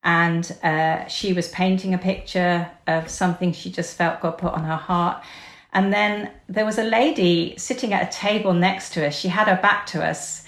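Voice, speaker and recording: A woman podcast guest telling a personal story in an earnest, conversational way, often pausing on "um". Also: on the low side, steady tone, fairly bright tone. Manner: earnest, hesitant with frequent ums. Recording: roomy echo.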